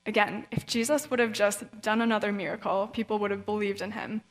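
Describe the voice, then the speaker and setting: Speaking a little fast in a mid-range, fairly even voice, a woman guest speaker at a young adult event reads from the Bible and preaches in a chatty, casual way. She sometimes acts out characters' voices, and the recording has an echoing hall sound.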